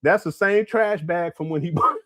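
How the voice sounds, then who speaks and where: Man, livestream host, casual chat, giggly and rambling, high animated voice, dry close sound. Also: normal speed, no echo. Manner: giggly, rambling, breaks into song. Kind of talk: casual live-chat commentary.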